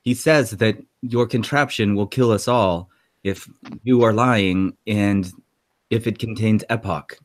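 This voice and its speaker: A man's voice: fairly low pitch, takes it slowly. A man voicing a woman interpreter in a tabletop game, speaking in stiff, careful, formal phrases. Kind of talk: tabletop role-play voicing.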